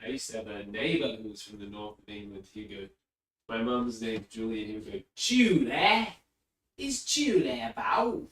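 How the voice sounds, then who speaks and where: A man's voice: fairly low pitch, fairly even intonation, brisk. A man streaming live and chatting casually, rambling and easily distracted, sitting far from his mic. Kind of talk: casual livestream chat. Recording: echoey room, distant mic.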